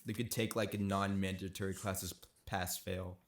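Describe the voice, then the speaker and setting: A man's voice: low voice, little pitch movement, moderate pace. A young man co-hosting a casual podcast, rambling and restarting his sentences. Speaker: podcast co-host. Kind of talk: casual chat.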